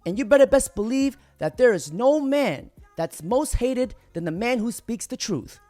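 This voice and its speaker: A woman delivers opinion commentary with a lively, swooping pitch and a tone of indignation, addressing her audience directly. Her voice sits fairly high, and the recording is close and dry. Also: normal speed, no room sound, faint music behind. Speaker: political commentary host.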